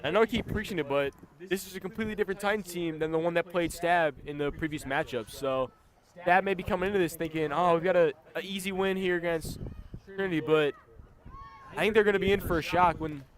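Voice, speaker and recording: A man's voice: fairly high pitch, quick pace. A young man doing upbeat color commentary for a school soccer broadcast, teasing his co-hosts. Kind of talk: student sports broadcast commentary.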